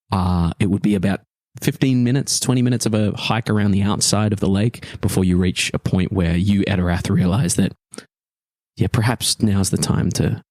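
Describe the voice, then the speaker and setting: A man's voice: on the low side, a little mellow, no room sound, studio quality. A man narrating as game master of a tabletop game, casual and joking, often restarting his sentences.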